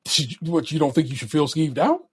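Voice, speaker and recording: A man's voice: fairly high pitch, big pitch swings, fast, husky, no room sound. A man co-hosting a podcast in casual chat, laid-back and reassuring, stumbling over his words now and then. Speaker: podcast co-host.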